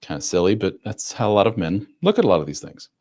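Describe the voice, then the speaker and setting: A man's voice: low-pitched, very animated, darkish tone. A man hosting a live advice stream, talking bluntly and conversationally with mild swearing, often acting out what other people say. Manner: acts out other people's lines in quick voices.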